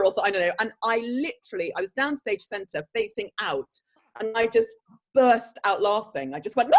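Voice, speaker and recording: A woman, an actress answering interview questions with lively, laughing anecdotes. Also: on the high side, normal speed. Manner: animated storyteller, breaks into laughter. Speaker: actress guest.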